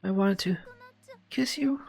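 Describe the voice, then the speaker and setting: A woman's voice: medium pitch, unhurried, gravelly, darkish tone, breathy edge, pitched above the performer's own voice. A woman voicing a shy, flustered schoolgirl in love, stammering and apologetic as she reads a yuri story aloud in character.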